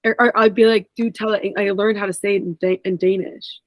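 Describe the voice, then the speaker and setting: A young woman chatting casually on a podcast, rambling and full of fillers. Her voice sits at an ordinary middle pitch. The sound is dry and close, with no room echo. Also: little pitch movement, a little fast. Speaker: podcast co-host, former pro soccer player.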